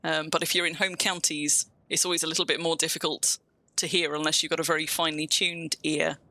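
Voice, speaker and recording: A woman with a southern English accent chats away on a live stream as she games, her tone bright and forward. She rambles from one thought to the next and often restarts a sentence midway. The sound is dry and close, with no room around it. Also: low-pitched, level tone, fairly quick, no echo. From England. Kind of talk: casual live-stream chat while gaming.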